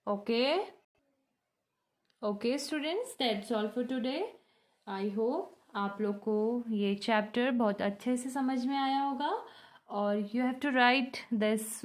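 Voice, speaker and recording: Slow high-voiced Indian teacher woman. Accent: Indian English. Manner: slow, drawn-out word repetition and clapping out syllables; mixes Hindi and English. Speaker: school English teacher. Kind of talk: recorded classroom lesson.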